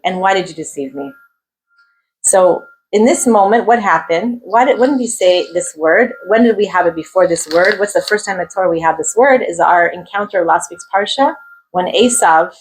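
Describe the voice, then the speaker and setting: Animated woman teaching a Torah lesson. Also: mid-range voice, slight background noise, low-quality recording. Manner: lively, questioning, acts out the figures' voices; sprinkles Hebrew terms, rhetorical "right?". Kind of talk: weekly Torah portion class.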